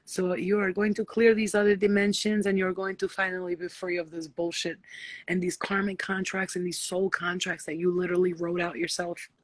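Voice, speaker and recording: A woman's voice: on the low side, little pitch movement, brisk, no room sound. A woman hosting a casual late-night spiritual live chat, blunt and profane, often slipping into playful voices. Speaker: spiritual live-stream host.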